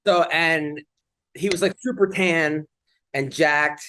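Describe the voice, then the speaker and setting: A man's voice: a little high, steady tone, slow, sharp tone. A man telling stories on a comedy podcast, casual chat, rambling with lots of fillers and restarts.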